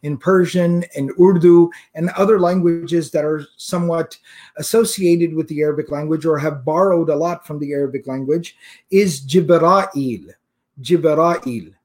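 Man teaching a religious lecture, slightly high voice. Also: steady tone, dark tone. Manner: explanatory, repeats terms slowly for emphasis; recites Quranic verses in Arabic. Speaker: Islamic teacher.

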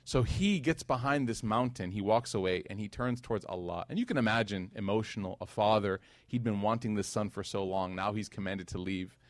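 A man's voice: fairly low pitch, fairly quick, hardly any pauses, no echo. A man preaching a conversational sermon to a live audience. He tells stories with energy, quizzes the listeners and adds joking asides. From United States. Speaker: Islamic preacher.

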